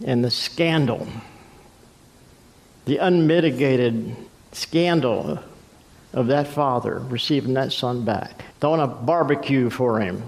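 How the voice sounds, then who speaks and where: A man preaching a sermon as pastor, telling stories and acting out voices with big swings in pitch and pace. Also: slow pace, creaky. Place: church sanctuary. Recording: long church hall reverb.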